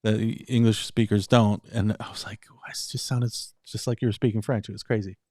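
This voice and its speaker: A man's voice: fairly low pitch, fairly even intonation, brisk, a little mellow, no echo, studio quality. A man in casual chat, telling a story in a rambling way, often laughing and slipping into other voices. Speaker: podcast co-host.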